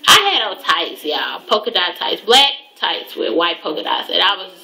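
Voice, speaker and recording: A young woman telling a story straight to camera in a casual vlog, her voice bright and ringing. She talks with profane, animated energy and mocks the people she quotes along the way. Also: on the low side, moderate pace, gravelly, low-quality recording. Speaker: hair vlogger.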